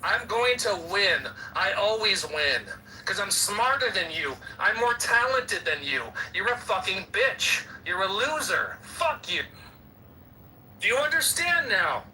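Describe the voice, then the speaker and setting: Bright-voiced man hurling profane insults. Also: sits high, big pitch swings, a little slow, distant mic, a little hiss or hum, low-quality recording. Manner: aggressive, profane, taunting insults. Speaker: voice chat room participant. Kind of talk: heated voice-chat argument. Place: online voice chat app.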